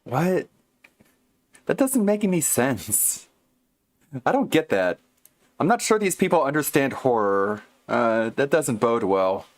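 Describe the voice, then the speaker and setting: A man's voice: medium pitch, sing-song, slow pace, pauses often. A man streaming live, reacting to clips with casual, incredulous and mocking commentary.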